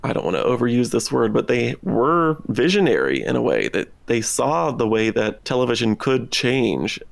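A man's voice: medium pitch, sing-song, moderate pace, gravelly, no room sound. A man co-hosting a podcast, talking thoughtfully in a casual discussion with some dry sarcastic humor. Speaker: podcast co-host.

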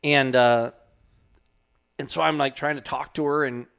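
A man's voice: mid-range voice, steady tone, a little slow, vocal fry, a bit bright, clean tone. A man casually telling a long story on a podcast, rambling with lots of fillers and restarts. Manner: rambling, many fillers and restarts, laughs often. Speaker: hunting guide telling a story.

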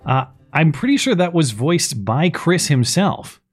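A man's voice: on the high side, very animated, measured pace, faint music behind. Man hosting a chatty podcast. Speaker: podcast host. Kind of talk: casual podcast talk with ad read.

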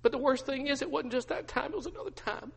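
A man's voice: very high voice, moderate pace, gravelly, big-room sound, pitched above the performer's own voice. A man voicing a grieving, broken Peter confessing through tears in a sermon, his voice shaky and pleading. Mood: grief-stricken.

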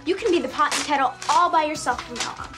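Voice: high voice, fast talker, over music, pitched above the performer's own voice, lightly acted. A podcaster voicing a catty, scornful young woman who snaps out sarcastic lines. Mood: snippy. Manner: snippy and sarcastic.

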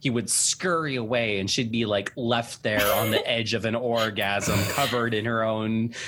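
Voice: mid-range voice, fairly even intonation, moderate pace, fairly bright tone, slight background noise. A podcast co-host in casual chat, joking and laughing through the lines.

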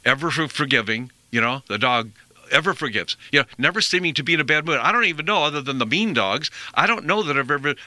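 Middle-aged male host, rambling and earnest health talk, very bright tone, dry close-mic studio sound. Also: on the high side, expressive, a little fast, no room sound. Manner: rambling, earnest, repeats himself. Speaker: radio show host.

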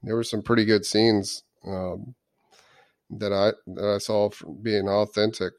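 A man's voice: fairly low pitch, level tone, measured pace. A man co-hosting a casual discussion, thoughtful and hesitant, with frequent ums. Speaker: podcast co-host.

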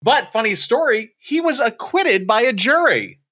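A man's voice: very high-pitched, big pitch swings, normal speed, pushed and bright. A man co-hosting a casual chat, telling a history story in a wry way and laughing often. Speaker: podcast co-host.

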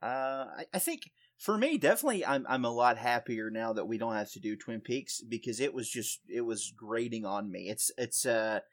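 A man with a Southern Appalachian accent, chatting casually as a podcast guest, self-deprecating and quick to laugh. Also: mid-range voice, lively intonation.

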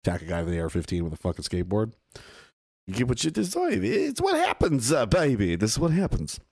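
Animated, profane male livestreamer. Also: medium pitch, fast, vocal fry, slightly rough, no room sound, studio quality. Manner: animated, profane, swings from loud to mumbled. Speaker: livestream host reading chat. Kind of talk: casual livestream commentary.

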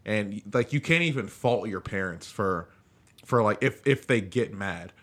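Low-pitched bright-voiced man chatting. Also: lively intonation, unhurried. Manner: loose, conversational, frequent filler phrases. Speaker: podcast host. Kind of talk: casual chat.

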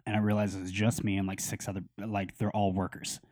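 A man's voice: fairly low pitch, flat delivery, fast talker, darkish tone, no room sound, studio quality. A young man telling a story in casual podcast chat, swearing freely and acting out the people he quotes.

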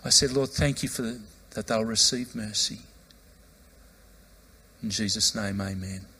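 A man's voice: fairly low pitch, measured pace, slight background noise. A man, a pastor preaching a sermon, telling a personal story and acting out the voices in it. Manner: animated, acts out quoted voices, loud outbursts when retelling.

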